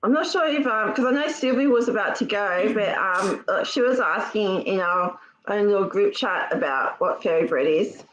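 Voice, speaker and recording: An Australian woman co-hosting a live stream over a video call, chatty and quick to laugh. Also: medium pitch, animated, a bit bright, dull audio, a little hiss or hum. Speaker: livestream co-host. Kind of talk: casual live-stream chat.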